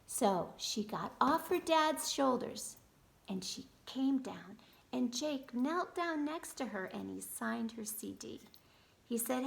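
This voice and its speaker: Woman kindergarten teacher, gentle storyteller, gravelly and fairly high. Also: animated, takes it slowly. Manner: gentle, addresses children directly. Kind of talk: storytelling lesson for children.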